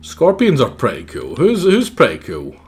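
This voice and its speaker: A man's voice: mid-range voice, wildly swooping pitch, normal speed, slightly rough, soft background music. A man casually commenting while streaming a game, joking and self-deprecating, his throat sore.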